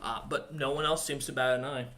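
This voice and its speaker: A man's voice: mid-range voice, steady tone, brisk, a bit bright, a little hiss or hum. A man narrating as dungeon master in a tabletop game, rambling with lots of ums and uhs.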